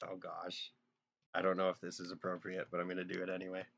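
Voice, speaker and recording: A man's voice: low-pitched, monotone, quick pace, vocal fry, a bit bright, muffled recording. A man casually chatting with viewers while drawing on a live stream, joking and thinking aloud in a self-deprecating way.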